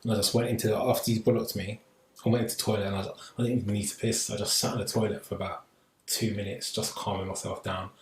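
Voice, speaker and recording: A man telling a story in a casual podcast chat, animated and acting out the voices of the people he quotes. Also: fairly low pitch, fast. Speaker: podcast co-host. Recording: echoey room, slightly distant mic, faint noise.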